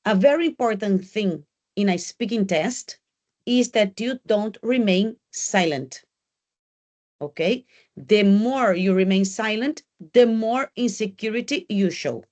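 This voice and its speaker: A woman's voice: mid-range voice, a little mellow. Woman English teacher in a classroom; direct, coaching delivery that drills key points. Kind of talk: exam preparation class.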